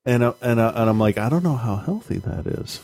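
A man's voice: medium pitch, animated, fairly quick, darkish tone. A man in his thirties talking casually as a podcast co-host and father, blunt and swearing, laughing at himself. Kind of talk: casual chat.

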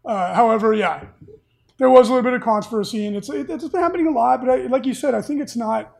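A man's voice: very high voice, fast talker, vocal fry, a little mellow. Chatty male podcast host. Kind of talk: casual podcast chat.

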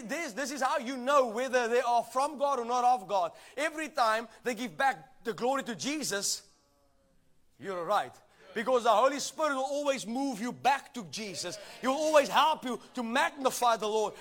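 A man preaching a sermon with emphatic delivery, calling for responses from the congregation and building to shouted passages. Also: very high-pitched, animated, moderate pace.

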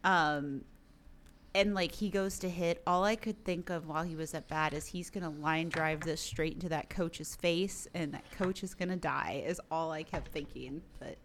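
A woman's voice: low-pitched, fairly even intonation, moderate pace, slight background noise. A woman from the United States co-hosting a podcast in casual chat, wry and chatty with casual swearing. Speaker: podcast co-host.

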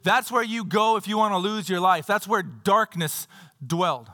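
A man's voice: sits high, normal speed, sharp tone. A male pastor preaching a sermon in a church. He talks conversationally, reads scripture aloud, and adds playful asides. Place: church sanctuary. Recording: long hall reverb.

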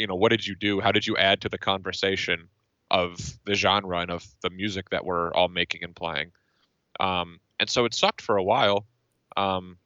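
Bright-voiced man, dull dry recording. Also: sits low, no echo. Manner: thoughtful, lots of fillers and restarts. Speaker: band member, guest. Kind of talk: casual interview.

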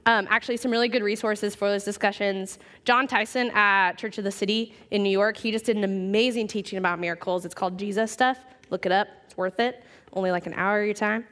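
A young woman preaching to her church in a relaxed, conversational way. She tells stories with plenty of "like" fillers and lively acted-out bits. Her pitch sits in an ordinary middle range. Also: brisk. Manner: chatty, animated, many fillers like "like". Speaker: speaker at church. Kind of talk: casual sermon with storytelling.

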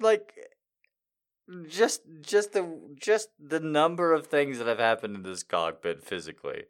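A man's voice: fairly high pitch, animated, unhurried. A man reading a story aloud for comedy, breaking off into incredulous, profane asides and frequent laughter. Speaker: comedy reader.

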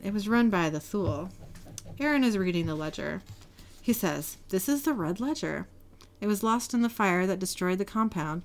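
A woman on a casual podcast, retelling a TV episode scene by scene and reading the characters' lines aloud. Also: fairly low pitch. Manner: reads character lines with brief voice shifts, laughs often. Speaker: podcast host narrating a TV episode.

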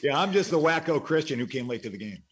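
A man co-hosting a talk show as the Christian voice, speaking in a jovial, quick and encouraging way. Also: on the high side, animated, slight background noise. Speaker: co-host, Christian. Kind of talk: casual talk show chat.

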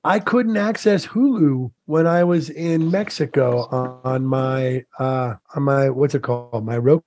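A man's voice: medium pitch, a little slow, a little mellow. A man joining a casual podcast chat with short, easygoing remarks.

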